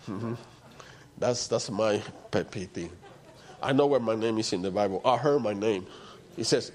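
A man preaching a sermon with fervent, emphatic delivery, swinging between raised and hushed passages. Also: on the low side, moderate pace, long pauses.

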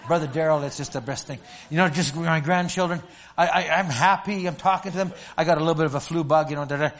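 An older man from Alberta, Canada, preaching a sermon and telling a story with stammering restarts and animated storytelling. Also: a little high, fast. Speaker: pastor.

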